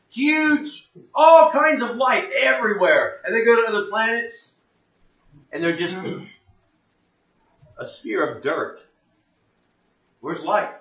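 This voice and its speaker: A man's voice: sits high, a bit bright. A man teaching the Bible in a conversational sermon, plain-spoken and fond of rhetorical questions. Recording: echoey room, distant mic, dull lo-fi.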